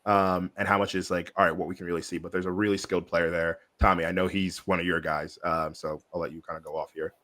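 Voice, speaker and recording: Man, very low voice, casual podcast chat, rambling, filler-heavy. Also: flat delivery, fast talker, hardly any pauses, a bit bright. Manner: rambling, lots of likes and ums. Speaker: podcast co-host.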